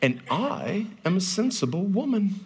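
A man's voice: sits high, sing-song, measured pace, very noisy, voice pushed up, full character voice. A man voicing his young daughter, a cheeky and persistent little girl. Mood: wheedling.

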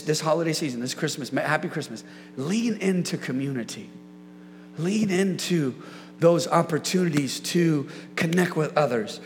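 A man's voice: a little high, lively intonation, normal speed, gravelly, big-room sound, soft background music. A man preaching a sermon as a pastor in a church, emphatic and repetitive, leading the congregation in call-and-response. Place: church sanctuary.

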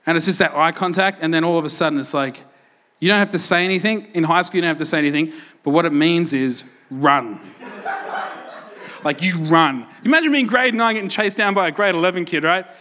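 A man's voice: on the high side, brisk, pushed and bright. A young adult Australian man preaching a sermon in a conversational, self-mocking storytelling way, often asking "right?". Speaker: pastor.

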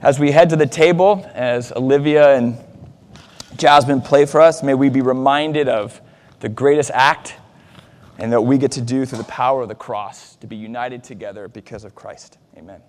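Male pastor in his thirties, mid-pitched voice, chatty sermon with asides, church hall reverb. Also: moderate pace, darkish tone. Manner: conversational, self-deprecating, with fillers and asides. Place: church sanctuary.

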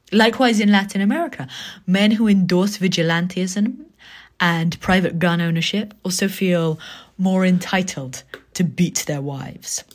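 A woman with a fairly low voice talks through a book review. She is thoughtful and conversational, and she drops into soft muttered asides.

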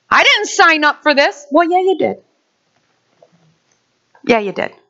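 Woman pastor, sermon, bright and sharp tone, dull lo-fi recording. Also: high-pitched. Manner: animated, acts out quick voices. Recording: dull lo-fi sound.

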